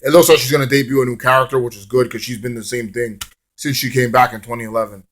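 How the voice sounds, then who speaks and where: A man's voice: mid-range voice, steady tone, fast, fairly bright tone. A man casually reviewing a wrestling show in a rambling, swear-laced manner, drifting into hummed song bits.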